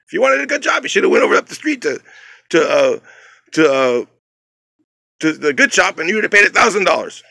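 A man putting on a loud, brusque paint shop manager. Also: sing-song, vocal fry, no room sound, heavily acted. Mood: brushing off. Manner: loud, raised pitch, hurried.

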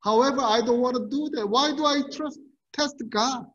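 A man pastor giving an earnest, measured sermon in a church, asking his listeners rhetorical questions. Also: very high voice, fairly bright tone, lo-fi sound. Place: church sanctuary.

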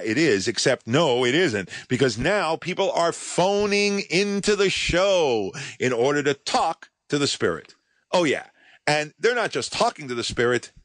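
A man's voice: medium pitch, fairly bright tone, dry recording. A male podcast host delivering a scripted monologue as a sardonic, mocking storyteller.

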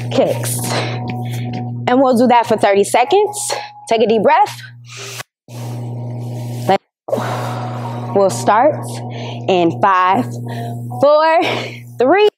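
A woman's voice: high voice, a little mellow. A woman teacher leading a televised exercise lesson, coaching and counting down between moves. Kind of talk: leading a workout class. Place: indoors, recorded for school television.

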